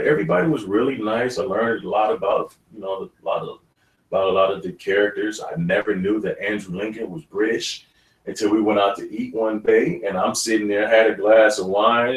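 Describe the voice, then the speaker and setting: A man, an actor guest in an interview, telling stories in a lively way and laughing often. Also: on the low side, fairly quick. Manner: animated storyteller, laughs often. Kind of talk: casual interview talk. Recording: roomy studio, mic at a distance.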